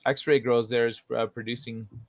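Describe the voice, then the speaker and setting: Brief: male co-host, dry close sound, relaxed chat, fillers and trailing off. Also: medium pitch, normal speed, no echo. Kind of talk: casual chat.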